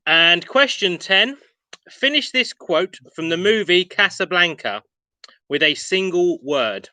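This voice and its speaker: A man's voice: sits high, expressive, slow, sharp tone, no room sound, poor audio. A man hosting an online pub quiz, reading questions and answers with chatty, self-mocking asides. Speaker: quiz host.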